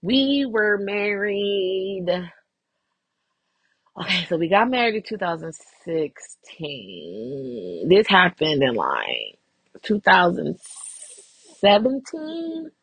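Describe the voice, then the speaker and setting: Young woman gossiping on her podcast w/ AAVE, bright voice kinda breathy, dry close mic. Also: mid-range voice, slow, long pauses, no room sound. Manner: animated, profane, laughing often. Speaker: podcast host. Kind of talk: casual gossip commentary.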